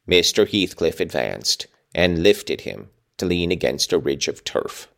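A man reading a classic novel aloud in an expressive, dramatic way, with his own asides. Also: sits low, unhurried, creaky. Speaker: reader. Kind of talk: audiobook reading with commentary.

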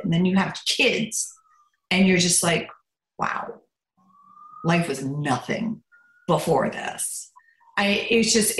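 A middle-aged actress chatting as a podcast guest, animated and quick to laugh, turning soft and quiet when she talks about her children. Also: on the low side, roomy sound, poor audio. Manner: animated, laughs a lot, swings between giddy and soft. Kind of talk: casual interview chat.

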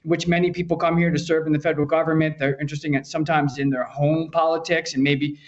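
A man's voice: a little high, flat delivery, muffled recording. A man reporting political news in a conversational, explanatory way, with fillers as he thinks. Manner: brisk, explanatory, hedging with fillers. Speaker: news correspondent.

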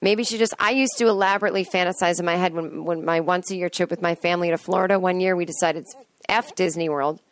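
A woman's voice: lowish voice, fairly even intonation, quick pace, few pauses, dry recording. A woman hosting a podcast, talking in a chatty, digressive solo monologue and breaking into sung snippets and acted-out voices. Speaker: podcast host. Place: in bed at home.

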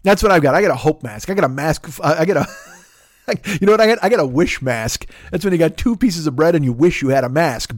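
Sniffly guy ranting on his podcast, swears a lot, rambles, kinda high voice, dry close mic. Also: animated, fast talker, dry recording. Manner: rambling, swearing, breaks into impressions and scat singing. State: sniffly with a cold. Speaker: podcast host. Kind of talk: profane solo comedy rant.

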